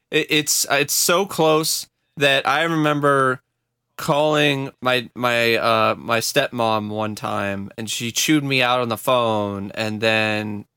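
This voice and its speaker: A man co-hosting a casual podcast, ranting in animated, profane bursts. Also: mid-range voice, clean tone, dry recording, clean studio sound. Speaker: podcast co-host. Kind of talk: casual chat.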